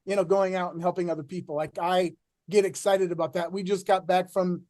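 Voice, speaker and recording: High-voiced energetic middle-aged man. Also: a little fast, no echo. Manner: energetic, talks in bursts with many restarts and fillers. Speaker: athletic director, podcast guest. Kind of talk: casual interview talk.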